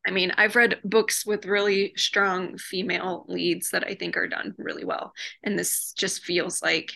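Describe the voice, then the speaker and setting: Blunt woman with a bright, gravelly voice. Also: fairly low pitch, flat delivery, unhurried. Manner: blunt, opinionated, laughs often. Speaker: podcast co-host. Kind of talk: casual chat reviewing comics.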